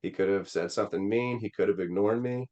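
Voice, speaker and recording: A man's voice: on the low side, fairly quick, mellow, dull audio. A man from Missouri, a Senate candidate, telling a personal story in an interview in an earnest, rambling way with many fillers. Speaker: Senate candidate, podcast guest.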